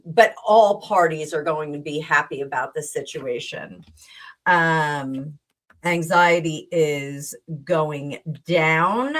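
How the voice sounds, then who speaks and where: Low-voiced chatty tarot-reading woman. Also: a bit bright, poor audio. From New Jersey, USA. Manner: rambling, chatty, with many fillers and asides to viewers. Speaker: tarot reader and livestream host. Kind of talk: casual live tarot reading chat.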